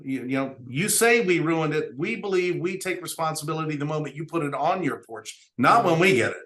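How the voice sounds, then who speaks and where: A man's voice: a little high, lively intonation, brisk, a bit bright. A middle-aged businessman telling stories as an interview guest, earnestly quoting dialogue. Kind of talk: storytelling interview talk.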